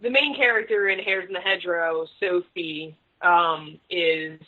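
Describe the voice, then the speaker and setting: A woman's voice: lowish voice, steady tone, a little slow. A woman, a guest author, chatting casually and animatedly on a podcast, swearing freely. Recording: slightly muffled recording.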